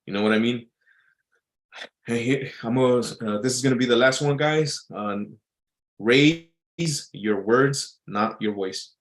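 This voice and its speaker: A man's voice: mid-range voice, measured pace. A man talking in a casual, rambling monologue as an entertainer, full of fillers and restarts.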